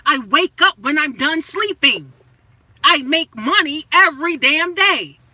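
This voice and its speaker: A woman's voice: sits high, expressive, slow, dry recording, rough recording. A woman money coach in a blunt, profane motivational rant, full of rhetorical questions and punchy, emphatic phrasing. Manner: punchy, emphatic phrasing that swings between loud and hushed.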